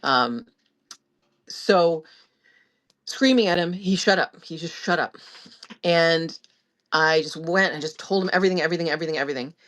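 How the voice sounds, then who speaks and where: A woman with a fairly low-pitched voice speaks as the host of her own podcast. She tells a personal story candidly and with emotion, often breaking off and restarting her sentences as she goes. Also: moderate pace, pauses often, a bit bright.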